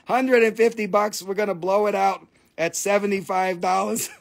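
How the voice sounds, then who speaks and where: A man's voice: high-pitched, fairly even intonation, moderate pace, gravelly. A man hosting a live crystal sales stream, chatting casually, swearing freely and laughing at his own jokes as he tells stories. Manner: giggly, profane, jokey storyteller.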